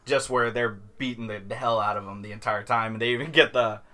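A man's voice: mid-range voice, steady tone, fairly quick, crowd noise. A man co-hosting a podcast, chatting casually about a TV series with laid-back reactions. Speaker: podcast co-host. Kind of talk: casual chat about TV shows.

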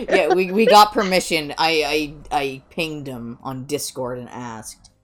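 A woman's voice: deep voice, measured pace, soft background music. A woman co-hosting a casual podcast, playful and laughing often. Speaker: podcast co-host.

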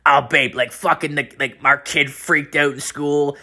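A man's voice: a little high, steady tone, measured pace, sharp tone, voice pushed up, exaggerated voice. Man putting on a girlfriend, choked up, whiny, slightly raised voice. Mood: upset. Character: upset, emotional adult girlfriend.

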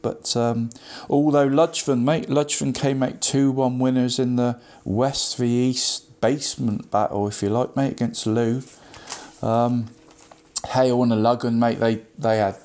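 A man's voice: medium pitch, a little mellow. Chatty man reading football results. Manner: chatty, constantly says "mate", frequent ums and restarts. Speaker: local football results presenter. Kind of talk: casual radio football roundup.

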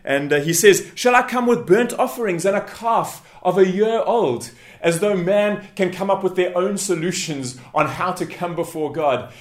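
A man's voice: high voice, moderate pace, hardly any pauses. An earnest male pastor delivers a sermon with a slightly raised voice, stumbling over and repeating words now and then. His voice rings out through a roomy, echoing church hall.

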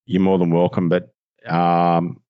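An Australian man with a low voice rambles excitedly through casual podcast chat and keeps laughing at himself. His voice comes through dry and a little dull, like a lo-fi remote recording. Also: a little slow, no echo. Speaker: voiceover artist guest.

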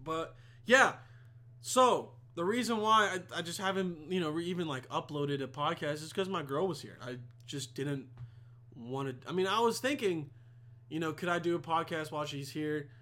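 A man's voice: on the high side, normal speed, bright, forceful tone. A young man hosting a podcast, telling a rambling, heavily profane story in a casual monologue. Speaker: podcast host.

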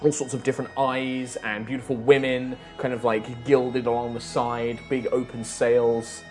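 A woman's voice: rumbling low, little pitch movement, normal speed, darkish tone, faint music behind. A woman narrating a tabletop game as game master, rambling through descriptions.

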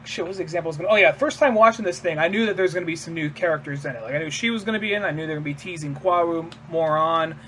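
Man, high bright voice, casual rambling podcast chat, swears and laughs, faint background noise. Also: very fast, few pauses. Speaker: podcast co-host.

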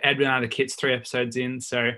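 A man hosting a football podcast in a relaxed, chatty way, often pausing with ums. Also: medium pitch. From England. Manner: laid-back, lots of ums and "so yeah". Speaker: podcast host. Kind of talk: casual chat.

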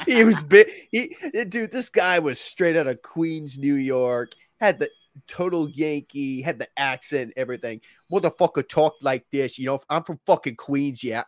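A man's voice: mid-range voice, no echo, studio quality. A man hosting a casual podcast, a crude, laughing storyteller, a little stuffy from a cold. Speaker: podcast host.

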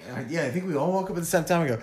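A man co-hosting a podcast in casual chat, animated and quick to laugh, cursing casually as he tells stories. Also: fairly high pitch, crowd noise. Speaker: podcast co-host.

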